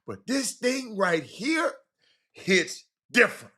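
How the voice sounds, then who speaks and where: Man, live-stream host, lively swinging pitch, bright voice, shouts then mutters. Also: takes it slowly. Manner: animated, swings from shouts to mutters, repeats himself. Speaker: host reading live chat. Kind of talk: casual live-stream chat.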